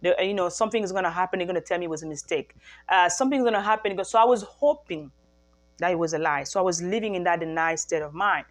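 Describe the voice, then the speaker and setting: A woman's voice: on the low side, quick pace. Earnest woman sharing a faith-based testimony. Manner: earnest, repeats phrases for emphasis, frequent restarts. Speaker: mother sharing a faith-based healing message. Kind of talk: personal testimony to camera.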